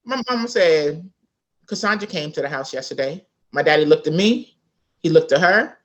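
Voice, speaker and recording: A woman author tells a family story in a relaxed interview. Her voice sits a little low, and she mimics the people she quotes in a lively, animated way. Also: normal speed. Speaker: author guest.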